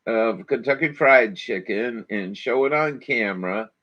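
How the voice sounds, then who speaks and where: A man hosts a morning show and reacts to videos as he talks, crude and folksy, swearing freely. His pace is slow and drawn out. The sound is dull and lo-fi. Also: mid-range voice, sharp tone. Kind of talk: casual commentary over videos.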